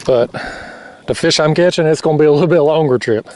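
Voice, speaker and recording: A man vlogging from a kayak, talking in a casual, excited, folksy way and laughing often. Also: a little high, fast, dry recording, far from the mic. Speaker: fishing vlogger. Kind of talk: casual outdoor vlog narration. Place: kayak on a river at night.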